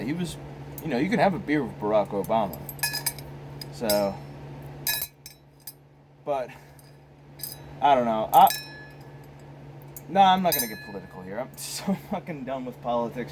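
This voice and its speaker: A man's voice: mid-range voice, a little mellow, slight background noise, rough recording. An American man hosting his own casual vlog, rambling and profane, filmed on a phone. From United States. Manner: rambling, profane, many restarts. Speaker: host.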